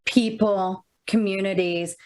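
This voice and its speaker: A woman's voice: medium pitch, steady tone, slow pace, low-quality recording. A woman co-host speaking earnestly and encouragingly in a podcast conversation.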